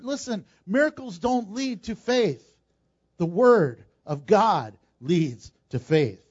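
A male pastor preaching a sermon, animated and acting out the people in the story in quick asides. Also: extremely high pitch. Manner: animated, acts out Bible characters in quick asides. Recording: dull lo-fi sound.

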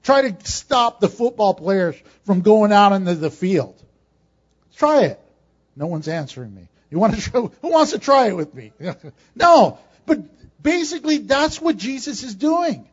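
A man preaching a sermon, swinging from emphatic, rising peaks to quiet, joking asides. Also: high voice, sing-song, measured pace. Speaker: pastor. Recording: dull lo-fi sound.

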